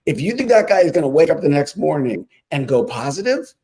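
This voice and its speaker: A man's voice: a little high, very animated, brisk, warm tone, rough recording. A man giving emphatic, combative political commentary as a guest on a talk show. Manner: emphatic, combative, punchy rhetoric.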